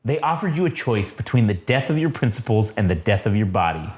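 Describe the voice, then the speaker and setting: A man voicing a calm, solemn masked male revolutionary in a slow, grave recitation. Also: lowish voice, pitched below the performer's own voice.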